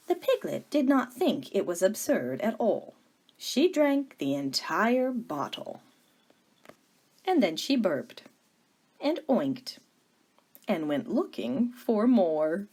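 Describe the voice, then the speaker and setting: Breathy woman reading a picture book. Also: medium pitch, slow. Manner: gentle, expressive storytelling. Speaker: teacher reading aloud. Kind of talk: picture book read-aloud.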